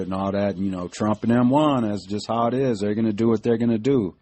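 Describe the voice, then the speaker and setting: A man's voice: lowish voice, fairly quick, few pauses, warm tone. A middle-aged man hosting a podcast, giving casual political commentary in an emphatic, profane, conversational way, with many fillers like "you know what I mean". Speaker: podcast host.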